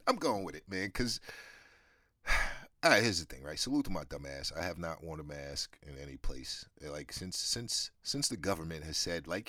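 A man's voice: low-pitched, expressive, moderate pace, sharp tone, dry recording, clean studio sound. A man hosting his own show, ranting in a loose, profane monologue full of fillers and laughter. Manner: profane, rambling, laughs often. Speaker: podcast host. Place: New York.

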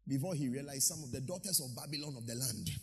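A male pastor preaching a lively sermon, acting out quotes and pausing for his interpreter. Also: mid-range voice, breathy edge, big-room sound, faint music behind. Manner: animated preaching, acts out quotes, pauses for interpreter. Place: church hall.

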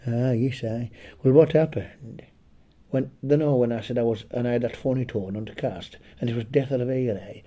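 A slightly hoarse man rambles through a crude comic story, swearing freely and ending his jokes with a chuckled "eh?". His tone is very dark and his voice is husky and rough. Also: medium pitch, steady tone, normal speed. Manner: foul-mouthed, rambling, chuckling, tags lines with "eh?". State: a bit hoarse. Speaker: comedic storyteller. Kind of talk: profane comedic storytelling chat.

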